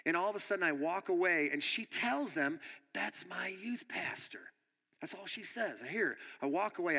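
A man preaching a sermon as a pastor, an animated storyteller who laughs as he tells his stories. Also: high voice, big-room sound.

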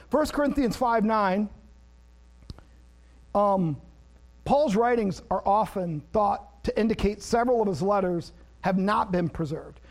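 A man preaching a sermon, an animated storyteller who laughs at himself and then moves into plain teaching about scripture. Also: high-pitched, moderate pace. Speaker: pastor.

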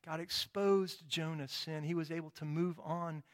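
Man, fairly high voice, pastor, storytelling sermon, acts out dialogue. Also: fairly even intonation, normal speed. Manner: storytelling with quoted dialogue, tag questions.

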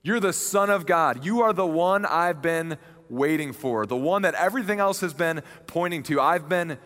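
A preacher voicing a stunned, humbled skeptic. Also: male voice, a little high, normal speed, fairly bright tone, in a large hall, voice pushed up, natural voice. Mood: reverent.

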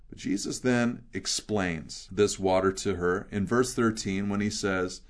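A man preaching an expository sermon, reading scripture aloud and then retelling it in everyday words with earnest emphasis. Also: sits low. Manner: swells louder and slows on key phrases. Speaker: pastor.

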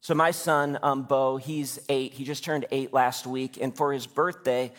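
Lively pastor in echoing church. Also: male voice, mid-range voice, unhurried. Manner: conversational, lively preaching with casual asides. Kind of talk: sermon. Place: church sanctuary.

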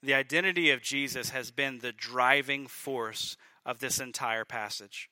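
A male pastor preaching a sermon, emphatic, building to loud peaks and dropping to quiet lines. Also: mid-range voice, a little slow, dry recording.

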